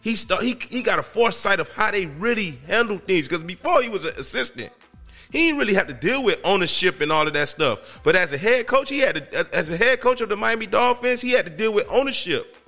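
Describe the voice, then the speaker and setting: A man hosts his own podcast in loose, slangy talk that builds into emphatic rants. His voice sits a little high and sounds bright and forceful. Faint music plays under him. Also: expressive, fairly quick. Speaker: podcast host. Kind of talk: casual solo podcast commentary.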